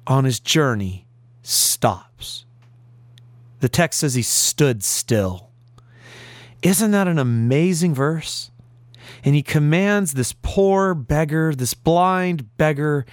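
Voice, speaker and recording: A man preaching a sermon in an earnest voice, building emphasis and pausing for effect. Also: a little high, dry recording, studio quality. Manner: earnest preaching with rising emphasis and dramatic pauses.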